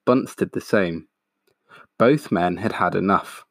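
A man reading a picture book aloud in a steady, expressive way, pointing out the pictures. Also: sits low, slow pace, no echo, clean studio sound. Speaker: storyteller.

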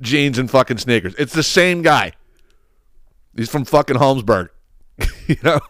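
A man's voice: medium pitch, expressive, unhurried, a bit bright, no echo, clean studio sound. A man hosting a podcast, ranting with heavy profanity and sarcastic mocking impressions. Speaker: podcast host. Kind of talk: ranting solo podcast monologue.

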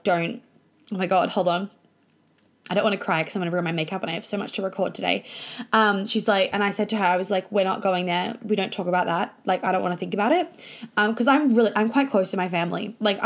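A young woman telling a personal story in a casual confessional vlog, chatty and swearing freely. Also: medium pitch. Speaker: vlogger and coach.

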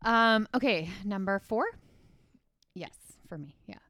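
A woman's voice: mid-range voice, expressive, slow, fairly bright tone, no echo, clean studio sound. A young woman co-hosting a podcast, chatting casually with lots of likes and trailing-off sentences. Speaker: podcast co-host. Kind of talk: casual chat.

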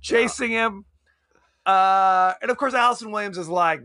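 A man's voice: high-pitched, normal speed. A man co-hosting a podcast, chatting casually about a movie, laughing often and acting out lines of dialogue. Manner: animated, laughs often, acts out quotes. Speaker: podcast co-host. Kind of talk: casual movie review chat.

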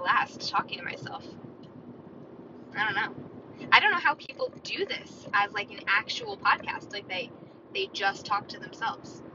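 Rambling woman podcasting from her car. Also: mid-range voice. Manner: rambling, chatty, talks to herself. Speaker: podcast host. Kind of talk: solo casual chat. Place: inside a moving car. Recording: muffled, with loud car road noise.

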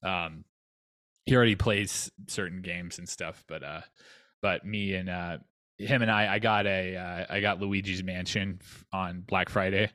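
Man, low voice, dry close sound, casual rambling chat, lots of fillers. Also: steady tone, a little slow, bright, forceful tone, no room sound. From North Texas. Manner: rambling, frequent restarts and fillers. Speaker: podcast co-host.

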